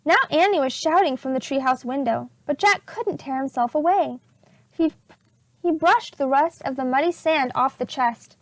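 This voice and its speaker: Lively high-voiced woman reading aloud. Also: no echo. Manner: slow, expressive storybook reading. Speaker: preschool teacher. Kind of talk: reading a chapter book aloud to children.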